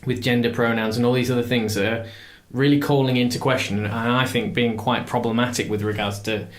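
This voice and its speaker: A man's voice: medium pitch, steady tone, brisk. A man, hosting a podcast in casual chat, talking in long, thoughtful, rambling turns. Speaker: podcast host. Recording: roomy echo.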